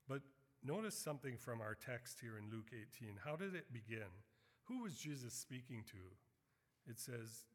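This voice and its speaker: A middle-aged man preaches with earnest conviction, his mid-pitched voice swelling when he quotes scripture. His words ring out with a long reverb trailing through the church hall. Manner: earnest, rises to loud animated emphasis on quotes. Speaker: missionary preacher. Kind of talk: sermon.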